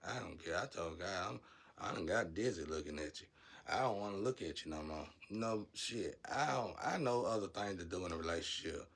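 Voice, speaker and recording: A man vlogging a blunt, profane rant, scolding his viewers and swinging from low muttering to loud shouting. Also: lively intonation, fairly quick, husky. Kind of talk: ranting monologue to camera.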